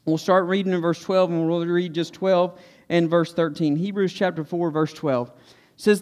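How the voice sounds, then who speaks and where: Male pastor, high voice, earnest conversational preaching, long church-hall echo. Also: fairly even intonation, normal speed, darkish tone. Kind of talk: conversational sermon and prayer. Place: church sanctuary.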